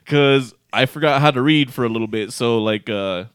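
A man's voice: mid-range voice, unhurried, clean tone, no echo, clean studio sound. A man casually telling a rambling, profane story, often breaking into laughter. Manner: profane, laughing, animated retelling.

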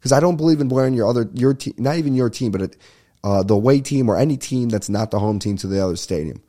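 A young man hosting a casual solo podcast, ranting and telling a story in a profane, rambling, animated way. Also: medium pitch, quick pace. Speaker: podcast host. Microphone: podcast microphone at a desk.

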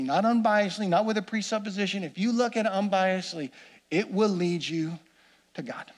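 A man delivers a sermon in a fairly high voice. He is earnest and builds his points through repetition. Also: a little fast. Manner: earnest, repeats phrases for emphasis. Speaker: pastor.

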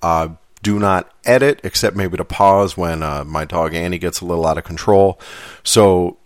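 Low-voiced man hosting casually. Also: normal speed, no echo, clean studio sound. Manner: self-deprecating and relaxed, with frequent "uh" and "um". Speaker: podcast host. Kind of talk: casual podcast introduction.

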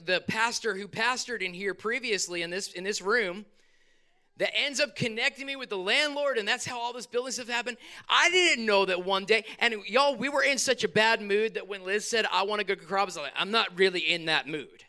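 A male pastor, preaching a sermon in a church hall with animated bursts and quick asides. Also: high voice.

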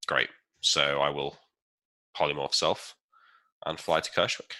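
Deep-voiced man playing a tabletop game. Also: little pitch movement, measured pace, sharp tone. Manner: chatty, wry, swears. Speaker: player. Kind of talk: casual tabletop play.

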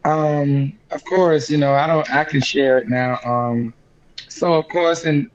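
A young man, an interview guest telling a painful family story in casual conversation, animated and emotional as he acts out the dialogue. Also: on the high side, a little slow, a crowd in the background. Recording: dull lo-fi sound.

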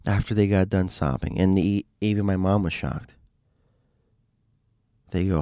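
Male storyteller, low voice, rambling and animated, dry close recording. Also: moderate pace, pauses often, dry recording. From Miami. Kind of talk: casual storytelling monologue.

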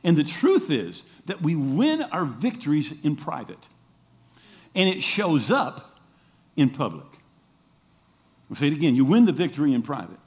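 Middle-aged man, pastor giving a sermon, lively swooping delivery, acts out the people in his stories. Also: unhurried, long pauses. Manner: animated storytelling, acts out quoted voices with big pitch jumps.

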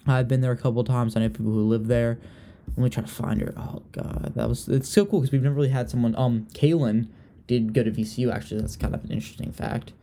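This is a young podcast host from Richmond, Virginia in casual, gossipy chat, repeatedly trailing off and picking back up. His mid-range voice is dark and fairly even, moving at a quick pace, with a little hiss or hum in the audio.

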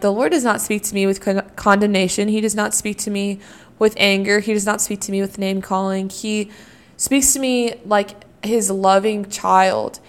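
A young woman in college speaks casually yet earnestly about her faith, reflecting as she goes and leaning heavily on "you know" and "like." Her voice is smooth and mid-range, fitting a casual devotional talk.

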